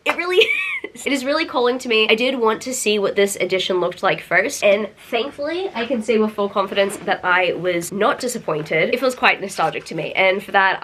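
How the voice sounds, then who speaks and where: Gushing Australian woman unboxing books. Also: mid-range voice. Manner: gushing, excitable, effusive with frequent laughs. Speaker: book vlogger. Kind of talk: casual unboxing vlog.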